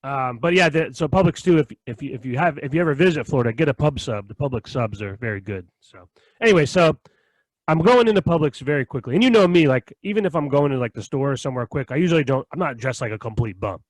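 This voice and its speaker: A young man on a podcast telling a story in casual chat, animated and profane, often checking in with "right?" and "okay?". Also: medium pitch, fast talker, no room sound. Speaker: podcast co-host.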